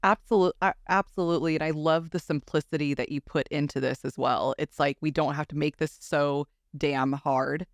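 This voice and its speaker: A woman hosting a podcast interview, effusive and enthusiastic, quick to agree with her guest. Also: low-pitched, fairly even intonation, no echo, studio quality. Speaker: podcast host.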